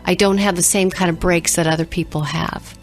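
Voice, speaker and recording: A woman co-hosting a call-in radio show, explaining things in a measured way. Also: on the low side, steady tone, soft background music. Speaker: co-host, therapist.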